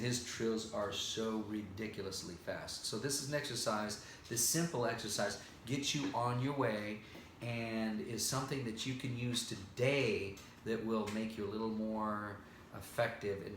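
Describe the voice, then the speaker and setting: A man's voice: fairly low pitch, a bit bright, reverberant, a little hiss or hum. A vocal coach, a man with a tired voice, teaching singing and breaking into sung scales and held vowels. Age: older. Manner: explains then demonstrates scales and sustained sung vowels. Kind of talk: singing lesson with vocal demonstrations.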